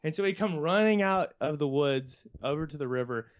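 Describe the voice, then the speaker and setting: A young man spins a long, meandering anecdote among friends on a podcast. He keeps chuckling mid-sentence, and restarts and asides pile up as he goes. His tone is relaxed and conversational. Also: fairly high pitch, fairly quick. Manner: rambling, laughs often while talking. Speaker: podcast co-host. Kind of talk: casual chat, anecdote telling.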